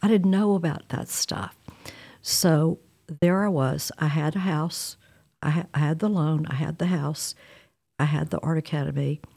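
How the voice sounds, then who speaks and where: A woman's voice: low voice, unhurried, husky. A woman, telling a personal story in a candid, wry way. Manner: candid, wry, animated retelling with quoted dialogue.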